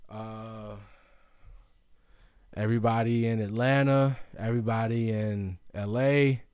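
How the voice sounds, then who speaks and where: A man's voice: lowish voice, warm tone, no echo, clean studio sound. Rambling man hosting a casual podcast. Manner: rambling, loose, full of fillers and restarts. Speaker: podcast host. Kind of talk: casual solo podcast chat.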